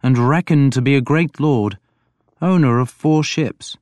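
A man's voice: medium pitch, a little mellow, dry recording, clean studio sound, pitched above the performer's own voice, natural voice. A man voicing a stern, shrewd king who speaks mildly but pointedly, in an audiobook reading. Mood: measured. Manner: measured and stern. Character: stern, shrewd, mild-spoken male king. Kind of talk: audiobook character voice.

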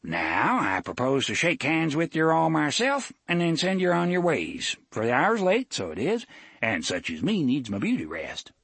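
A man's voice: fairly high pitch, very animated, normal speed, gravelly, fairly bright tone, husky, no room sound, voice pushed up, exaggerated voice. A man voicing a pudgy, pompous small-town sheriff who blusters in a folksy dialect. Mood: blustering.

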